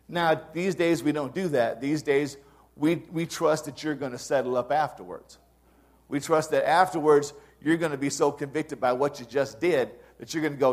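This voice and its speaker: High-pitched man preaching a sermon. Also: lively intonation, moderate pace. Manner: earnest, conversational preaching with emphatic rises. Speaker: pastor.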